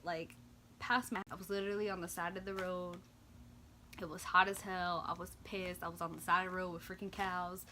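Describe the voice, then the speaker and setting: Young woman, bright voice, animated storytime vlogger, faint background hiss. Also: a little fast. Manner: animated, swings into loud high-pitched retellings of quoted lines; drops to quiet, low mumbling in reflective parts. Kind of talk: casual storytime.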